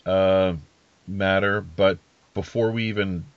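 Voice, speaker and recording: A man's voice: low-pitched, fairly even intonation, slow, dry recording, lo-fi sound. A man hosting a podcast interview, talking casually in a rambling, hesitant way with many fillers and restarts. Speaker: podcast host.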